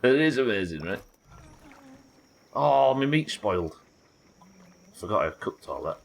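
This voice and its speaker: A young man with a broad Yorkshire accent, commenting on his gameplay to a live chat. His voice sits low but moves a lot in pitch, and he drifts between muttered asides and livelier chatter, swearing casually. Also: very animated, measured pace, vocal fry, slight background noise. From Yorkshire, England. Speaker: livestreamer.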